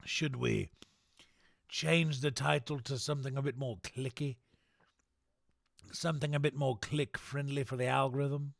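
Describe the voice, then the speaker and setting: A man's voice: mid-range voice, fairly even intonation, a little slow, vocal fry, long pauses, no room sound, clean studio sound. A male game streamer chatting to his live viewers in a theatrical, mock-formal put-on accent.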